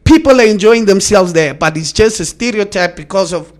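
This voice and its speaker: Namibian man telling stories, slightly high. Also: fairly quick. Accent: Namibian English. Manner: animated storytelling. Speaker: comedian. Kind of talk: casual podcast chat.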